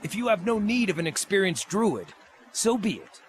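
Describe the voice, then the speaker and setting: A man's voice: high-pitched, moderate pace, background noise. An actor voicing a cheerful, curious small male orlan druid in a video game, speaking in a playful, relishing way. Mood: earnest. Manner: playful, relishing, lively storytelling.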